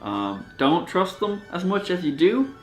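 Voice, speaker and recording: An Irish man hosts a loose, jokey chat, his pitch moving a lot as he reacts. The room gives his voice a roomy echo. Soft guitar music plays faintly underneath. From Ireland. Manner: lively, jokey, quick reactions. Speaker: channel host. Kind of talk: casual chat.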